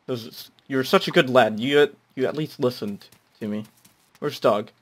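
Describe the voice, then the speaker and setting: A young man giving goofy, rambling gameplay commentary, nervous and self-mocking, often breaking into shrill shouting. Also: a little slow. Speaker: gamer.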